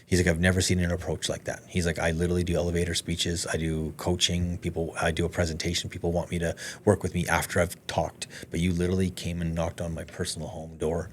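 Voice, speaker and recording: A man with a deep, low voice tells his story at a rapid clip. He is a podcast guest in casual conversation, animated and loose with his swearing, jumping into the voices of the people he quotes. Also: slight background noise. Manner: animated, swears freely, acts out quoted dialogue.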